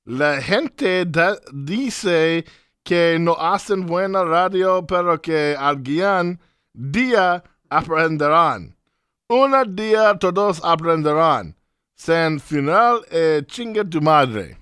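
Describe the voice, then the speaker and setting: A man reading a sponsor spot in a put-on, exaggerated accent, going slowly and haltingly. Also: a little high, expressive, bright, forceful tone, clear, resonant tone, no room sound, clean studio sound, voice pushed up, heavily acted. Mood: mock-serious.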